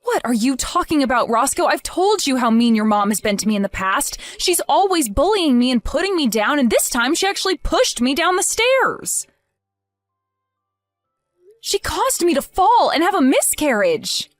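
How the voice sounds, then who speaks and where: A woman's voice: sits high, big pitch swings, moderate pace, no room sound, soft background music. A woman playing a grieving, indignant young wife in a voiced text-message drama, emotional and accusing.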